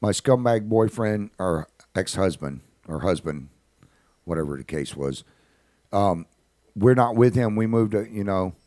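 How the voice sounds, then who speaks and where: A man's voice: on the low side, expressive, a little slow, darkish tone, no echo, clean studio sound. A man voicing a struggling mother who pleads anxiously and hurries to defend herself.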